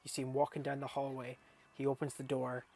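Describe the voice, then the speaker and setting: Speaking at a medium pitch with vocal fry and a slightly quick delivery, a young man meanders through a film review vlog. He swears liberally, gets worked up, and laughs when something strikes him as funny.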